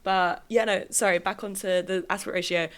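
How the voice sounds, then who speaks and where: A woman's voice: medium pitch, fairly even intonation, normal speed, a bit bright, smooth. A woman hosting a podcast, chatting casually, swearing freely and trailing off with fillers. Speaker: podcast host. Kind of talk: casual chat.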